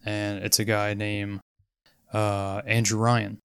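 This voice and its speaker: A man in casual chat, explaining quickly and eagerly, swearing freely. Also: lowish voice, monotone, a bit bright, clear, resonant tone, no echo, clean studio sound.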